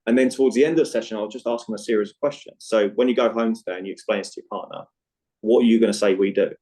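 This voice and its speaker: On a low-quality recording, a guest movement coach for chronic pain talks very fast in a lowish, dark voice with fairly even intonation. He tells conversational podcast stories with animation, voicing dialogue and frequently asking "right?".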